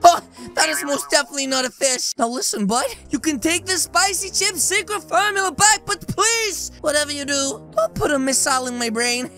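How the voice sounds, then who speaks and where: A woman hosting a gaming video, narrating a role-play game with excitable, dramatic exclamations. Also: high voice, brisk, few pauses, soft background music.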